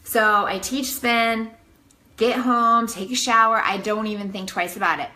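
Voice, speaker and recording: A woman in her thirties, casually telling a vlog story to the camera, animated and breathless. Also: on the high side, unhurried. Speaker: vlogger.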